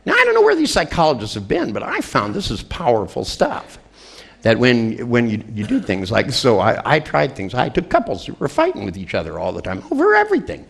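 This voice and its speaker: An older man telling a story to an audience, animated and profane, acting out the people in it and laughing at his own tale. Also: mid-range voice, a little fast, creaky, breathy edge. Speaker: speaker telling a therapy story.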